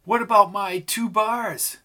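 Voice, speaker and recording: A man voicing Pam, a hardened, sharp-tongued outlaw woman in an audiobook western, with a raised, defiant voice. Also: high voice, fairly even intonation, takes it slowly, voice pushed up, exaggerated voice. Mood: bitter.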